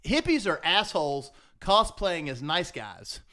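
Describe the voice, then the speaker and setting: A middle-aged man with a fairly high voice, chatting casually on a podcast. He rambles through stories with lots of false starts and drops into voices for the people he quotes. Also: big pitch swings, a little slow, pushed and bright. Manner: rambling storyteller with many restarts and voiced quotes. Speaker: podcast co-host. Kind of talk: casual chat.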